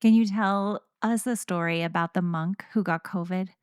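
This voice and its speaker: A woman's voice: on the low side, normal speed, clear, resonant tone, dry recording, studio quality. Reflective woman podcast co-host. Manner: relaxed, reflective, frequent affirmations. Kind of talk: casual conversation.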